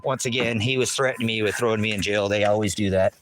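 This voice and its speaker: A fast-talking man with a fairly low pitch and steady tone rants angrily during an outdoor live stream shot on a handheld phone. He's agitated, repetitive and swears a lot, and background noise can be heard.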